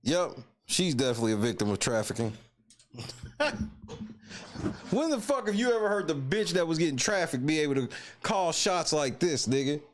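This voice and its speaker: A man's voice: fairly high pitch, sing-song, fast talker. Profane laughing male show host. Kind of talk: live commentary show.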